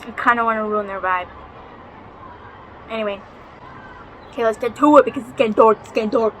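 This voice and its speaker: A woman's voice: on the high side, fairly quick, fairly bright tone, slight background noise, rough recording. A young woman vlogging at home, telling a ghost story in a chatty, dramatic way and swearing freely. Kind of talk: casual storytelling vlog. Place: home, near a balcony.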